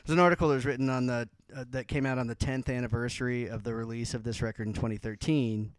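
A man's voice: mid-range voice, flat delivery, fast talker, no room sound. A man hosting a casual music podcast who rambles, restarting sentences and filling them with "like". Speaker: podcast host.

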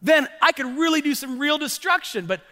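A man's voice: very high voice, lively intonation, brisk, bright, forceful tone, voice pushed up, full character voice. A man voicing a sulky, scheming devil who whines and makes excuses. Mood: whiny. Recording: long church hall reverb.

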